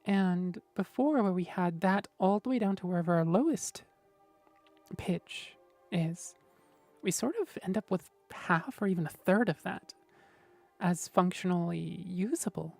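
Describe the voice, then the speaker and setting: A woman hosting a relaxed livestream, talking through voice technique at an unhurried, slow pace. Her tone is low and mellow, gentle and thoughtful, with soft music playing faintly underneath. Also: creaky, dry recording. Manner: gentle, thoughtful, explaining, often adds "right?". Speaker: streamer host. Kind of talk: casual livestream chat about voice technique.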